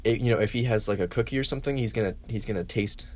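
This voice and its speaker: Man, casual comedy chat, playful, riffing, lowish voice. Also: rapid-fire. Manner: playful, riffing, laughs often.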